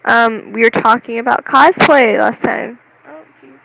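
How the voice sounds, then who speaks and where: A young vlogger chatting casually to the camera, rambling and excitable, with lots of "like"s and giggles. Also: mid-range voice, measured pace, creaky, slight background noise, rough recording. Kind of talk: casual vlog chat.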